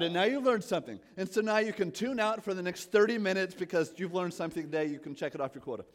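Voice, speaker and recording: A male pastor in his thirties giving a casual, self-deprecating sermon, asking the congregation questions and swinging from quiet asides to loud emphatic points. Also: high-pitched, quick pace, hardly any pauses. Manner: chatty, self-deprecating, asks the audience questions.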